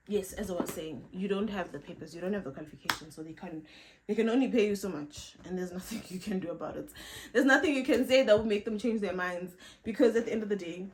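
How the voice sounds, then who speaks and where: A woman's voice: mid-range voice, quick pace, background noise. A young woman giving casual, emphatic career and study advice in a vlog, repeating her points with playful asides. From South Africa. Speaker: vlogger.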